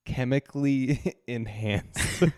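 A man's voice: mid-range voice, fairly even intonation, slow pace, a little mellow, smooth, no echo, studio quality. A man co-hosting a podcast, telling a story in casual chat, rambling with restarts and frequent laughter. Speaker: podcast co-host.

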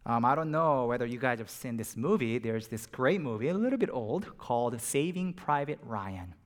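Preacher swinging from hush to fervor. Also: male voice, medium pitch, expressive, normal speed. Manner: dynamic, drops to near-whispers and rises to emphatic peaks. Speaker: pastor. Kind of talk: sermon.

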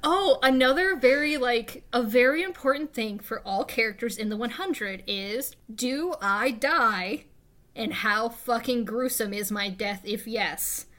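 Woman podcaster, higher voice, bright tone, animated casual chat, swears and laughs a lot. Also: a little slow. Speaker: podcast co-host.

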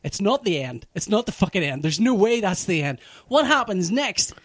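A man telling a TV plot in casual chat, animated and profane, full of restarts. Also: high-pitched, normal speed, dry recording. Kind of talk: casual chat, recapping a TV show.

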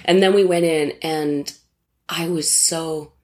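A woman's voice: sits low, steady tone, slow pace, crowd noise. A woman stage actor casually telling an anecdote in conversation, candid and self-mocking, swearing freely.

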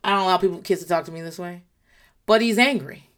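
A mother talking casually about parenting, blunt and animated, with plenty of swearing. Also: lowish voice, fast talker.

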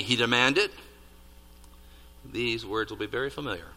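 A man preaching a sermon, building to loud peaks on key points and dropping to hushed asides. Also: mid-range voice, moderate pace. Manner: animated, rising to near-shouts on emphasis, dropping to hushed asides. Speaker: pastor. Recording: reverberant hall.

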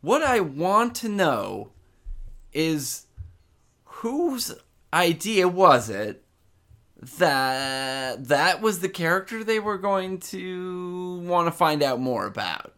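A man's voice: sits high, sing-song, slow pace, a bit bright. A young man co-hosting a comedy podcast in casual chat, wry and mock-exasperated with stammering restarts. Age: young adult. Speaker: podcast co-host.

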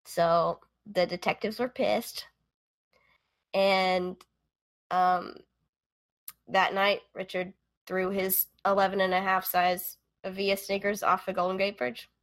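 Woman, middle pitch, true-crime podcast co-host, casual storytelling, chatty with fillers. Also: flat delivery, takes it slowly, long pauses. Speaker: podcast co-host telling the case. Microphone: remote call.

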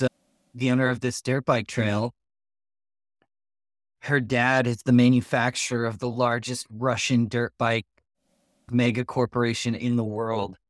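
Slow, halting man playing a tabletop game. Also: medium pitch, no room sound, studio quality. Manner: slow, halting, many fillers and restarts, laughs often. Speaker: player. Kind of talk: tabletop role-play, in and out of character.

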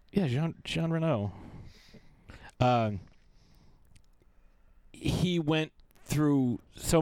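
A man's voice: mid-range voice, no room sound. A man co-hosting a podcast in casual chat, rambling and searching for his words. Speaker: podcast co-host.

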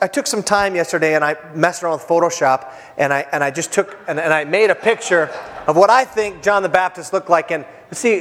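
Joking preacher in a reverberant church hall. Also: male voice, fairly high pitch. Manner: casual, joking preacher with many fillers and restarts. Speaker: pastor. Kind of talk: sermon.

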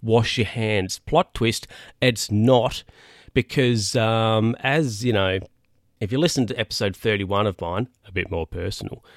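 A man's voice: fairly low pitch, dry recording, clean studio sound. A man hosting his own podcast, chatting casually on his own and wandering off into asides with plenty of restarts. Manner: rambling, with frequent restarts and asides. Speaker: podcast host. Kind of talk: casual solo podcast chat.

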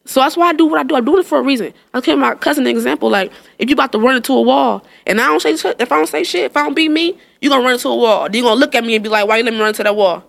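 This podcast co-host has a high-pitched, creaky voice and races along with few pauses. Chatting casually, she tells stories in a sarcastic way, swearing and laughing often.

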